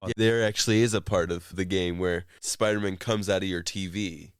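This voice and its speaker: A man's voice: sits low, fairly even intonation, normal speed, smooth, no room sound, clean studio sound. A man co-hosting a casual chat show, rambling through a story with fillers. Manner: rambling retelling with fillers and laughs. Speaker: co-host.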